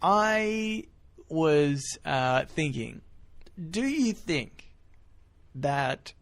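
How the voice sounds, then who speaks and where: A man co-hosting a podcast in casual chat, telling stories in an animated, jokey way. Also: on the high side, drawn-out words. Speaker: podcast co-host.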